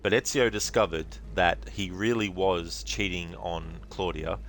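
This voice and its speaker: A man's voice: deep voice, measured pace, fairly bright tone. A man streaming a game live, chatting casually and rambling with plenty of fillers while thanking his viewers.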